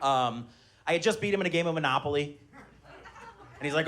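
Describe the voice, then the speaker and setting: A man in his thirties doing a stand-up comedy set live on stage, telling animated stories and shouting his children's lines. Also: fairly quick. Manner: animated storytelling, shouting high-pitched voices when acting out his kids. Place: live comedy venue with laughing audience.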